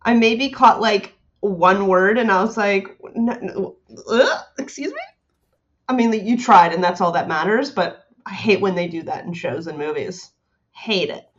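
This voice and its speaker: A woman's voice: medium pitch, normal speed. A woman co-hosting a casual podcast, blunt and sarcastic, prone to short rants. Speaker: podcast co-host. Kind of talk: casual chat. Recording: dull lo-fi sound.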